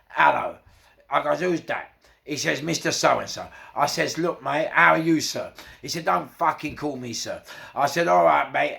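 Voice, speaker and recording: A man with a London accent tells a crime story in a loose, casual way, swearing freely and acting out every quoted line. His voice is strongly gravelly. It sits a little higher than most men's. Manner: swearing, animated retelling with acted quotes.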